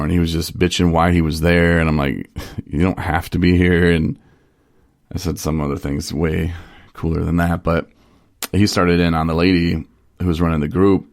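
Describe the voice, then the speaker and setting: Gravelly low-voiced man, rambling. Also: no echo, clean studio sound. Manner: rambling storytelling with frequent restarts and laughs. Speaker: person in recovery sharing his story. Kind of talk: casual radio talk.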